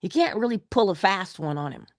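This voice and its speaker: A middle-aged woman from Barbados, telling an inspirational story in an expressive way with drawn-out emphasis. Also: medium pitch, no room sound, studio quality. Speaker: inspirational vlogger. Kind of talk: storytelling motivational talk.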